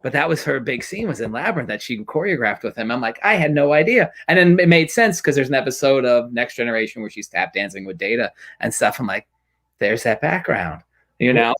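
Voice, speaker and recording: A man hosting an interview in relaxed casual chat, with fillers and friendly agreement. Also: mid-range voice, fast talker, few pauses. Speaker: interview host.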